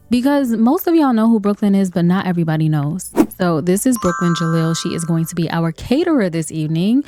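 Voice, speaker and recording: A woman's voice: medium pitch, dark tone, no room sound. A woman giving playful, chatty commentary over a life-sim game, laughing often. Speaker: let's play host. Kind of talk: gameplay commentary.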